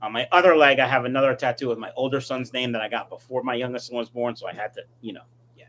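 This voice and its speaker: A man's voice: mid-range voice, fast, fairly bright tone. A middle-aged man chatting casually on a live stream, reading viewer comments and rambling through his answers. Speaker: fish-breeding YouTuber answering live chat.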